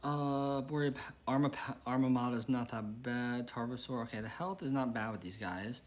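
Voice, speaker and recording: A man's voice: medium pitch, normal speed. A young man hosting a game channel, rambling and exasperated as he vents about work while playing. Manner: rambling, exasperated, repeats himself. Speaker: gaming channel host. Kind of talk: casual gameplay commentary with venting.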